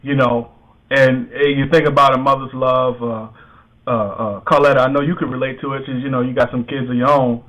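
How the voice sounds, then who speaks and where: A man's voice: medium pitch, level tone, fairly quick, a bit bright, low-quality recording. A man hosting a casual sports talk radio show, rambling with many fillers and restarts, with an American accent.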